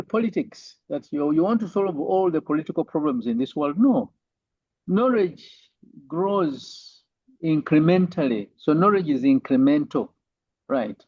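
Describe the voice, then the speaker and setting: A man's voice: a little high, no echo, dull audio. A male university lecturer giving an online lecture, tagging sentences with "right?" and many fillers.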